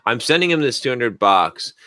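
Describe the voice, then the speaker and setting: A man co-hosting a podcast, telling a story in a casual, animated way and swearing freely. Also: mid-range voice, moderate pace. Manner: animated, swearing, acts out quoted voices. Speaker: podcast co-host.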